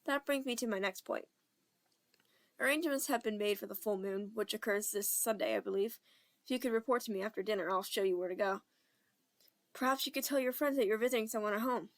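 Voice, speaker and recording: A woman's voice: mid-range voice, fairly quick, dry recording, lightly acted. A young woman reading an amateur audiobook, voicing a stern older woman professor in a reedy, clipped Scottish accent, strict but kind. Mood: prim, stern.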